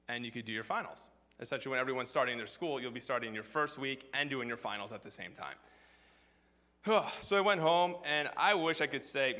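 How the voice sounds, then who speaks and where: A man's voice: medium pitch, sharp tone, long reverb tail. A man preaching a sermon, telling a personal story in a casual, filler-heavy way. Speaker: pastor.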